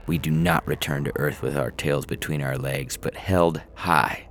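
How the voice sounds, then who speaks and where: A man narrating a science-fiction story in a measured, dry storytelling manner. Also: a bass voice, fairly even intonation, a bit bright, faint music behind.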